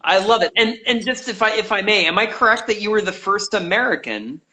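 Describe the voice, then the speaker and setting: A man hosting a casual live interview on a video call, enthusiastic and quick to affirm his guest. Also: high-pitched, animated, noisy background. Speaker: interview host.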